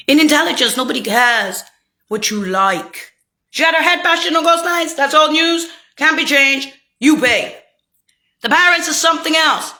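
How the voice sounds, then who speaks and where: In an expressive voice at a moderate pace, a woman unloads a bitter, rambling rant to camera, full of swearing, moving back and forth between loud shouting and low muttering.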